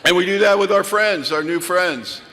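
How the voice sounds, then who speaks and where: A man with a bright, forceful, fairly high voice tells comic stories to a crowd, acting out every voice in them. He speaks into a big event hall, and his voice rings out with a long, lingering echo. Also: normal speed, a little hiss or hum. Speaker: recovery speaker. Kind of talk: humorous storytelling talk. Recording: live talk in a reverberant hall.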